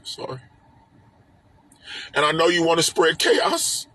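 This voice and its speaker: Husky, emphatic man teaching on a stream. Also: on the high side, a little slow, a bit bright, no room sound. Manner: emphatic, repetitive, preaching with rhetorical questions. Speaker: host and teacher. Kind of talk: explaining a spiritual text on a live stream. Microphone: phone or webcam on a live stream.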